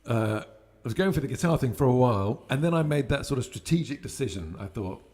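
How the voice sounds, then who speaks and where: A man from England talking as a guest musician in a casual interview. He tells his stories in a relaxed way and laughs easily. His voice sits in an ordinary middle pitch. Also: brisk.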